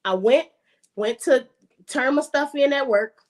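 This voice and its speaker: A woman with a high, bright-sitting voice tells a personal story of faith in a casual podcast conversation. She is emphatic and often says a line twice to drive it home. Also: a little slow. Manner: emphatic, repeats phrases for emphasis.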